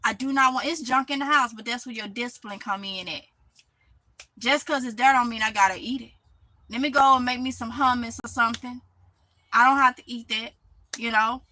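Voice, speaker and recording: Woman, Mississippi Southern accent, high voice, casual live-stream chat, laughs often. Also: fairly quick, bright, forceful tone, low-quality recording. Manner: chatty, talks back to comments, laughs often. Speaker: channel host reading live chat. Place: greenhouse.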